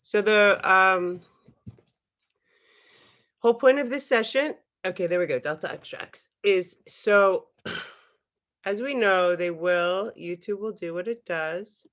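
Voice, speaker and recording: A woman hosts a casual livestream and speaks straight to her viewers in a loose, chatty way. She giggles often and swears freely, and her voice sits at a middle pitch. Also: slow pace, pauses often, a bit bright. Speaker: livestream host.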